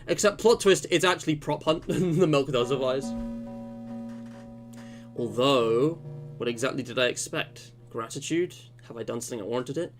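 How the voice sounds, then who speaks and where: A man's voice: mid-range voice, animated, moderate pace. Young male let's-player, informal and musing, with game music playing under him. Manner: chatty and informal, muses aloud, slangy asides. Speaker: let's play gamer. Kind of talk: reading game text aloud with casual commentary.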